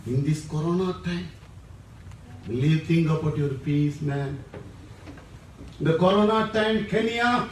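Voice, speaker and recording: High-voiced Indian pastor preaching emphatically. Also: male voice, slow, long pauses, reverberant, recorded from a distance, low-quality recording. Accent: Indian English. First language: Tamil. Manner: emphatic, repeats each phrase. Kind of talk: sermon. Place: church.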